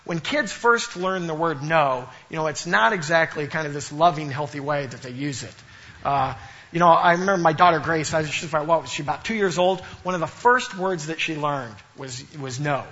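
A middle-aged man preaches with a high, bright, forceful voice, and he plays the characters in his stories with broad, comic imitation. The recording is muffled and a little dull. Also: expressive, fairly quick. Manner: storytelling with playful, exaggerated imitations. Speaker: pastor. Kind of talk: sermon.

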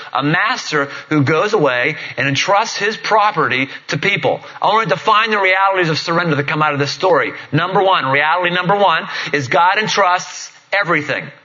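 Middle-aged male pastor, high and bright tone, chatty joking sermon delivery. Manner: conversational and jokey, lively storytelling. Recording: dull lo-fi recording.

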